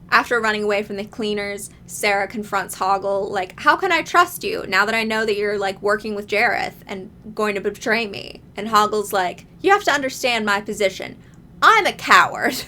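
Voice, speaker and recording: Bright-voiced young woman recapping a film. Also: medium pitch, a little hiss or hum. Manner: chatty, laughs often, acts out characters' lines. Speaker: video essayist. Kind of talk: casual movie recap with voiced quotes.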